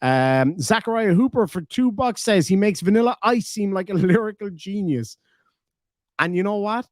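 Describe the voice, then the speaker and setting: A man's voice: sits high, lively intonation, normal speed, dry recording, studio quality. An Irish man hosting a casual livestream, reading super chats aloud and bantering with a lot of swearing and laughter. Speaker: livestream host.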